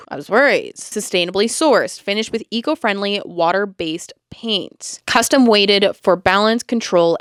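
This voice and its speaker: A woman's voice: medium pitch, clear, resonant tone, no echo, clean studio sound. A young woman with a Canadian accent hosting a casual beauty podcast, chatty and full of asides. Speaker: podcast host.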